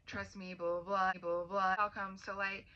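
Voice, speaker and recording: A woman giving a casual, chatty book recap, leaning heavily on "like" and quoting characters in quick asides. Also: medium pitch, flat delivery, pushed and bright. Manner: chatty, filler-heavy with lots of "like"; quotes characters in lightly acted asides. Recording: dull lo-fi sound with faint noise.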